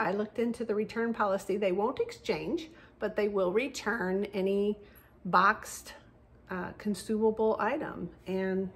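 Chatty woman vlogging from a car. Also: medium pitch. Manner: chatty, with fillers and self-corrections. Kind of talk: casual diet vlog. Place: parked car.

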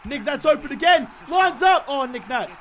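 A young man giving excited, sweary gameplay commentary, swinging between shouts and mutters. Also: very high voice, moderate pace, a little hiss or hum. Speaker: gaming YouTuber.

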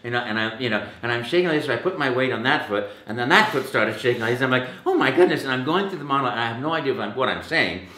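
A man, a voice actor, telling stories in a casual interview, animated and full of restarts, jumping into a high pitch when he acts out quotes. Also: echoey room. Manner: halting restarts, repeated words. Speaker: voice actor guest.

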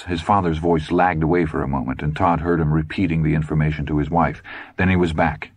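A man narrating an audiobook in a measured, tense storytelling manner. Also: extremely low pitch, steady tone, dry recording.

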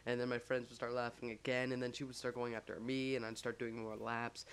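A man's voice: medium pitch, little pitch movement, brisk, fairly bright tone, a little hiss or hum. A young man telling a story casually over gameplay, rambling with lots of fillers and self-mocking jokes.

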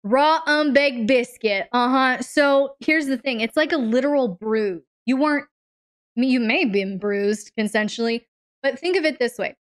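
A woman hosts a live advice stream, her voice smooth and resonant and pitched a little high. She leans hard into key words, stretching them out, and talks directly to her listeners. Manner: emphatic, drawn-out stressed words, addresses listeners directly. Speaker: relationship advice host.

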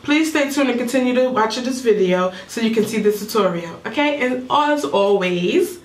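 A woman's voice: a little high, animated, normal speed, recorded from a distance. A young woman vlogger walking through a makeup palette step by step in a casual, slightly mumbled tutorial. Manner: explains step by step while showing products. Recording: echoey room, voice away from mic.

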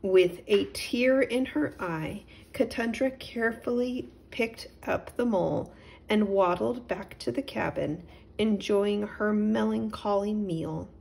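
Slow, gravelly woman reading a story. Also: mid-range voice, darkish tone. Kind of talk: reading a children's story aloud.

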